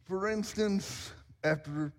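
Pastor, 40s, male: high voice, self-mocking jokes, long church-hall reverb. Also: slow pace. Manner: playful, self-mocking storyteller. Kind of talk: sermon. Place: church sanctuary.

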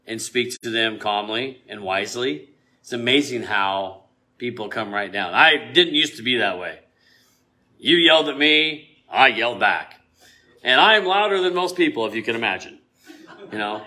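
Guy preaching a laid-back sermon, bright voice, lots of you knows and laughs, loud on the verses. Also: medium pitch. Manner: conversational, chatty, rising to loud emphasis when quoting scripture; laughs often and uses many fillers and restarts. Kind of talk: informal sermon.

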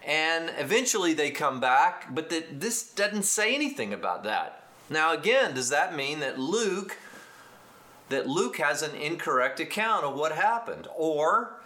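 Man, Texas accent, pastor, sermon, bright forceful tone, fairly high voice, emphatic. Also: unhurried. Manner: animated, emphatic teaching with restarts and asides.

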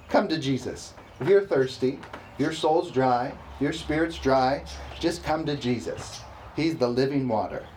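A man preaching a sermon, reading scripture slowly and emphatically and calling for responses from the congregation. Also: mid-range voice, a little mellow, a little hiss or hum, low-quality recording. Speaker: pastor.

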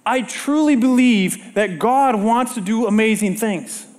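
A middle-aged man delivers a sermon from a church stage in a strikingly high voice. He tells stories with animation and keeps turning to the congregation with rhetorical questions. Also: a little slow, a little mellow. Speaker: preacher.

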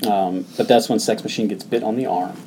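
A man co-hosting a podcast, casually retelling a film's plot, swearing freely and acting out its lines in a lower voice. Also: steady tone, fairly quick, a little mellow, slight background noise, poor audio. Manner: swears freely, acts out movie lines in a low voice. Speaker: podcast co-host.

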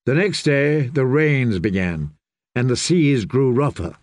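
A man's voice: mid-range voice, no room sound. Man narrating a fantasy audiobook, dry. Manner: measured, steady storytelling. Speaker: audiobook reader.

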